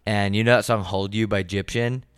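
A young man co-hosting a casual comedic podcast, animated and prone to breaking into loud, high mock voices. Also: a little fast, smooth, dry recording, studio quality. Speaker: podcast co-host.

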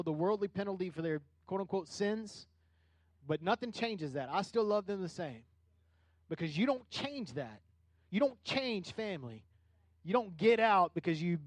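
Middle-aged male pastor, high-pitched, conversational sermon with animated peaks, dry recording. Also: no echo. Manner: conversational preaching with rising animated bursts.

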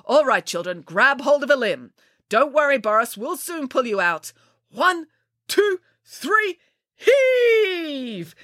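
A woman's voice: a little high, expressive, normal speed, a bit bright, no echo, clean studio sound, voice pushed up. A woman voicing a flamboyant, self-assured female pig nanny in a storybook reading, speaking in a breezy, matter-of-fact way.

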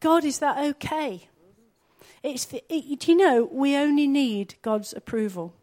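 A woman's voice: high-pitched, a little slow, a little mellow. A woman, preaching a sermon in an earnest, conversational way, often asking her listeners questions.

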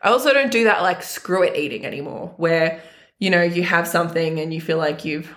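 A woman's voice: fairly low pitch, brisk, a bit bright. A young adult woman coaching on food and body image, talking earnestly and emotionally straight to her viewers in a personal monologue.

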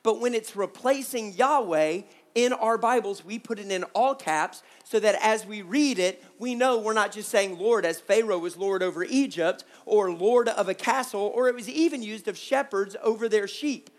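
A preacher giving a sermon at a youth camp, with joking asides to the crew and audience, slowing down to stress key words. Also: mid-range voice. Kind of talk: sermon with slides.

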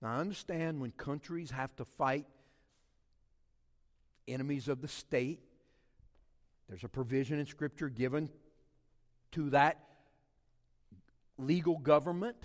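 A middle-aged man, preaching a sermon as a pastor, swinging between loud emphatic passages and quiet ones. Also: mid-range voice, long reverb tail. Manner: animated preaching with big swings in loudness.

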